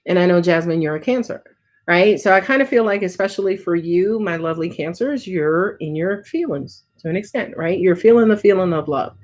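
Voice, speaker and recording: Woman, slightly low voice, loose livestream tarot reader who swears freely. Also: fairly quick, a little mellow. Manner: casual, chatty, swears often, frequent "right?" and "um". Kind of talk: live tarot reading with viewer questions.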